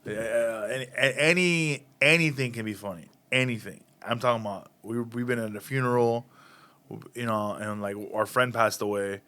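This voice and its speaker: Animated comedian telling stories. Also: male voice, mid-range voice, moderate pace, clean tone. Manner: animated, acts out voices in anecdotes. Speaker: stand-up comedian, guest. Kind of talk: casual storytelling interview.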